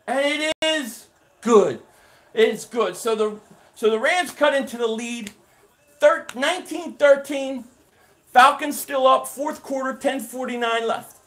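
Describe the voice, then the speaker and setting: Host, man, higher voice, energetic play-by-play on a live stream, chats with his viewers. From Philadelphia area. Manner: excited play-by-play calling, reading and answering chat. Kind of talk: live game reaction stream.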